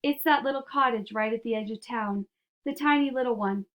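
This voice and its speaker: A woman reading aloud and voicing an earnest, gentle young boy who tumbles over his words when excited. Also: a little high, fairly quick, dull audio, lightly acted.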